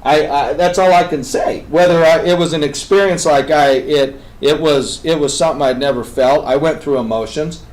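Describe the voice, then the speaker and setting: A man on a talk show, telling a story with energy. He swings between loud, emphatic bursts and hushed, intense passages. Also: on the high side, normal speed, few pauses, poor audio. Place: radio studio.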